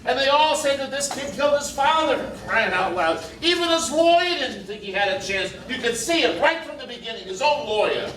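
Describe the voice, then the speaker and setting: A scornful, brash juror. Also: male voice, very high-pitched, animated, brisk, hardly any pauses, fairly bright tone. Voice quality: blunt, sneering. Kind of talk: 1950s film drama. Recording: roomy film soundtrack, distant, faint hiss.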